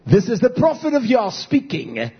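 Husky male pastor, fiery sermon, high-ish voice, dull recording. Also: wildly swooping pitch, normal speed. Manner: preaching with big swings between shouting and low murmurs.

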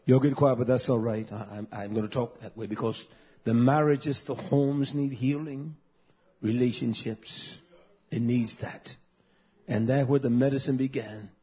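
A man in his fifties preaching a sermon, swinging between loud fervent passages and soft, intimate asides. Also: medium pitch, steady tone, unhurried, husky, dull audio.

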